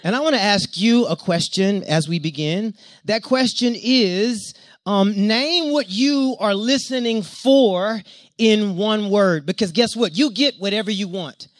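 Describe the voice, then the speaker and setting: A man's voice: high voice, measured pace, no room sound, clean studio sound. A man preaching an interactive sermon with call-and-response, who draws on personal stories and guides the congregation through breathing like a yoga class.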